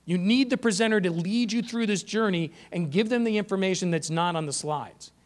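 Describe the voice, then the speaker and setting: A man giving a conference presentation to teachers, energetic and emphatic, shifting his pace for effect. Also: sits high, fairly quick. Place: conference room.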